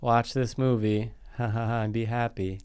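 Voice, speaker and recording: A man co-hosting a casual movie review podcast, dry and deadpan, swearing casually. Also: medium pitch, moderate pace, smooth, no room sound. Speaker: podcast co-host.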